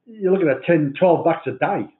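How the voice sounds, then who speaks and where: A man's voice: on the high side, animated, normal speed. An Australian man complaining in casual chat, sweary and exasperated. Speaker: podcast co-host. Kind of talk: crude casual rant. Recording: tinny phone-like audio.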